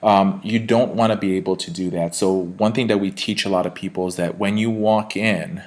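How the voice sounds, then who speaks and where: A man with a very low, deep voice coaches his viewers on sales in a relaxed, conversational teaching style. He talks things through with plenty of fillers and checks in with tag questions as he goes. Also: normal speed. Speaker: sales trainer. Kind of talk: instructional talk to camera.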